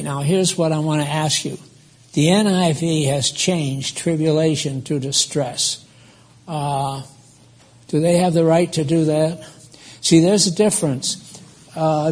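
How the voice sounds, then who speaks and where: A man's voice: a little high, a little mellow, breathy edge. A man, likely older, preaching a sermon to his congregation in a plainspoken, conversational way. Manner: slow, plainspoken, addresses congregation directly. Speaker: pastor. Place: church.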